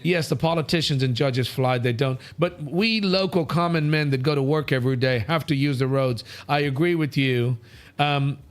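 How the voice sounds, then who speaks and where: Man, talk show host, from India, blunt, jokey, a touch high-pitched. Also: moderate pace. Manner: blunt, brash, swears and jokes while reading comments. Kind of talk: casual live show chat. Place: studio.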